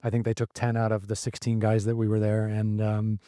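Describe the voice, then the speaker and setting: A man's voice: lowish voice, monotone, a little fast, dark tone, no echo, studio quality. A man hosting a podcast interview, easygoing and chatty with short interjections. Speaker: podcast host. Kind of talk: casual interview chat.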